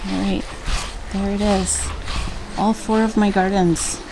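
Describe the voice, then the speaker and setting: A woman's voice: mid-range voice, level tone, takes it slowly, creaky. A woman from Minnesota talking through a casual tour of her home garden, chatty and fond of her plants. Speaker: vlogger giving a garden tour. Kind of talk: casual walking commentary. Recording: loud outdoor background noise.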